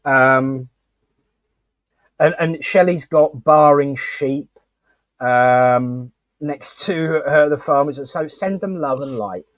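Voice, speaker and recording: A man's voice: medium pitch, slow, fairly bright tone, dry recording. A man hosting a casual live-stream chat, rambling and talkative with lots of fillers and restarts. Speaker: host.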